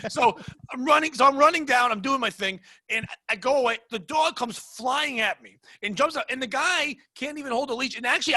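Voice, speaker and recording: A man hosting a comedy podcast, telling a story as a profane, animated rant. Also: extremely high pitch, breathy edge, no room sound.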